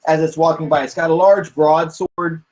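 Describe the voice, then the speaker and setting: A man's voice: fairly high pitch, fairly even intonation, moderate pace, a little mellow, poor audio. A man running a tabletop game as game master, narrating scenes in a rambling way with many fillers. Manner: rambling, many fillers and restarts while describing.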